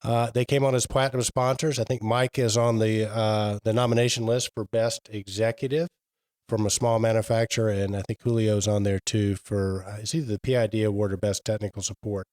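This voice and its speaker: A man's voice: on the low side, level tone, fairly quick, a little mellow, rough recording. Rambling man hosting a podcast. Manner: rambling storyteller, many fillers and restarts. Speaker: podcast co-host. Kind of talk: casual chat.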